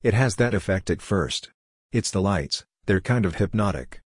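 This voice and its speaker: A man reading the lines of a calm, odd-talking male scientist in a story, in a measured, matter-of-fact way. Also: fairly low pitch, husky, no room sound, studio quality.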